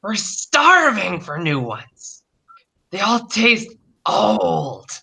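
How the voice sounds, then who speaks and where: A man voicing a hungry old female hag who complains slowly and greedily in a higher voice, during a tabletop game. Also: wildly swooping pitch, gravelly, sharp tone, breathy edge, full character voice. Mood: whiny hungry.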